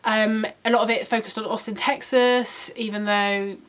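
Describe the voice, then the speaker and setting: A woman's voice: fairly high pitch, little pitch movement, normal speed, fairly bright tone. A young woman vlogging at home, giving a casual, emphatic opinion chat full of "like" and "um". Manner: chatty and emphatic, many "like" and "um" fillers. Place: room at home.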